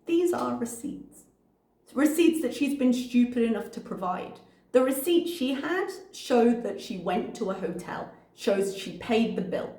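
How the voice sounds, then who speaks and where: A woman's voice: a little high, animated, a little slow, mellow. A woman hosting a reaction channel, giving blunt, sarcastic commentary and swearing freely as she reacts to messages. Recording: echoey room.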